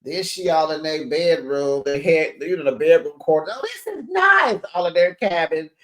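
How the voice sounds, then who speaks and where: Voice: medium pitch, fairly even intonation, moderate pace, a little mellow. A reality TV recap host giving a gossipy monologue, sassy and dramatic, acting out quotes and calling viewers besties.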